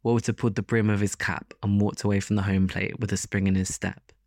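A man narrating a first-person story as an audiobook in a steady, even delivery. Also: fairly low pitch, brisk, no echo, studio quality.

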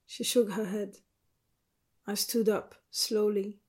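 A woman narrating a novel in the first person, quiet, measured and sorrowful. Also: mid-range voice, fairly even intonation, slightly rough. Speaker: audiobook narrator.

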